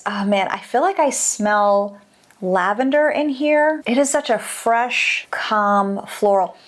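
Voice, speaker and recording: Frequent exclamations mark this adult woman's casual, excited product review, delivered from her perspective as a candle maker. Her pitch is medium.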